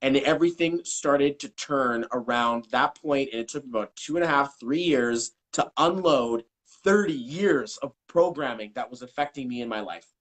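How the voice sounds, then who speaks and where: A man speaking as a numerology coach in a casual live-stream interview, talking in an animated way, cursing and acting out what people said. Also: mid-range voice, normal speed, poor audio. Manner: animated, swears, acts out quotes. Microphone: video call.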